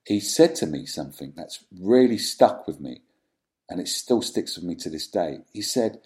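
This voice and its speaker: This London man's voice is deep, dark and mellow as he speaks frankly about his history in an interview. Halting and thoughtful, he keeps drifting into ums and restarts, yet his raw, personal telling is very animated.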